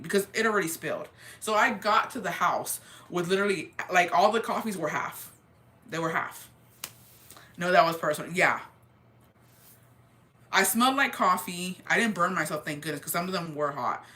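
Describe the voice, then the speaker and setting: Woman, bright voice, animated casual storytime, swears, mixes in Spanish. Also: medium pitch. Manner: animated, quick, swears freely, slips into Spanish. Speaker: vlogger.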